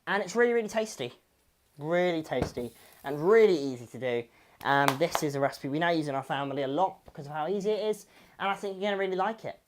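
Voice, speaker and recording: A woman's voice: deep voice, fast, a little hiss or hum. A woman hosting a home cooking demonstration, chatty and friendly, slipping in corny jokes. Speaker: cooking show host.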